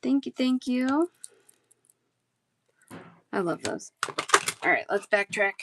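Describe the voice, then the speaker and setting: A woman with a slightly high voice hosts a live bead sale in a very noisy setting, speaking animatedly but at a slow pace with long pauses. She keeps it chatty and casual, reading the chat aloud and listing off prices and sizes for viewers.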